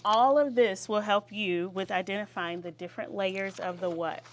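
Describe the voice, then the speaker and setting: A woman teacher leading young children through a vocabulary lesson in a classroom, with call-and-response and drawn-out words. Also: mid-range voice, steady tone, slight background noise.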